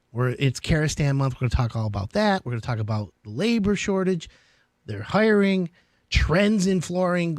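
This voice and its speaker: A male radio host with a fairly high, very lively voice that bounces up and down as he chats. He jumps between excited asides and mock grumbling. The sound is dry and close, with no room echo.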